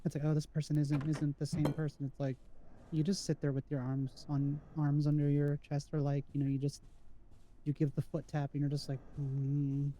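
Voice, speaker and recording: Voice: mid-range voice, completely flat delivery, fairly quick, dark tone, slight background noise, rough recording. A friend on a voice call, chatting casually and rambling with lots of quoted asides. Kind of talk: casual chat.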